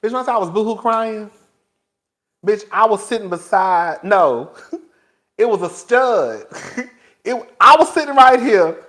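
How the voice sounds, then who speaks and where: A man with a notably high voice spins a casual story for his vlog audience. He talks in an animated, dramatic way and laughs often. He keeps addressing his listeners as girl. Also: a little slow, long pauses. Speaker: vlogger.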